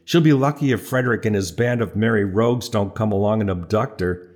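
A man's voice: on the low side, brisk, a little mellow, close to an everyday voice. A man reading an audiobook, voicing a sarcastic, cheeky young man in a story.

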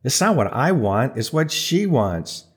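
A man's voice: medium pitch, sing-song, unhurried. A man voicing a reluctant young man who answers with sarcastic, cheeky remarks.

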